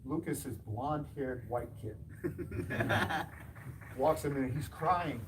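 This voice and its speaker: A man's voice: mid-range voice, slow, distant mic, background noise. Man telling stories from afar. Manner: animated anecdotes, acting out quoted dialogue with laughs. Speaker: martial arts school owner and instructor. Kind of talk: storytelling talk to an audience.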